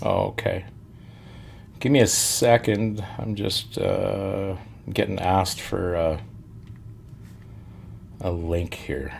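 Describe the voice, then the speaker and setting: Gravelly man, easygoing podcast host. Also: deep voice, fairly even intonation, drawn-out words, long pauses, darkish tone, a little hiss or hum. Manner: easygoing, joking, laughs often. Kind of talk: casual podcast chat and sponsor reads.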